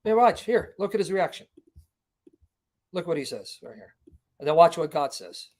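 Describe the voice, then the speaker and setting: A man's voice: a little high, very animated, moderate pace, darkish tone. A man preaching in a livestream Bible teaching, impassioned and emphatic, firing rhetorical questions at his listeners. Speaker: Christian preacher and apologist.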